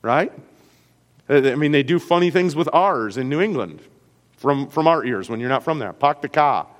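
A man's voice: medium pitch, expressive, normal speed, big-room sound. A man with a Great Lakes American accent, a pastor teaching a class on Scripture in a conversational way, often checking in with his listeners. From US Great Lakes region.

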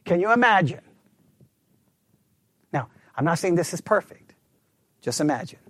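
A man delivering a sermon with emphasis, putting rhetorical questions to his listeners and sometimes dropping to a hushed, low delivery. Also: sing-song, measured pace, no echo. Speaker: preacher.

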